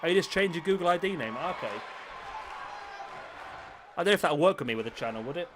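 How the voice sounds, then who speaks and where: A young man with a fairly high, expressive voice talks fast while streaming a wrestling game. He chats casually with viewers in a self-mocking way, over a loud game crowd and background noise.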